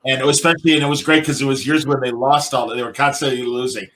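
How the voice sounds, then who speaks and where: A man's voice: mid-range voice, fairly even intonation, fast talker, fairly bright tone, a little hiss or hum, rough recording. A man hosting a podcast in casual chat, joking and slipping into character voices. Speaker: podcast host.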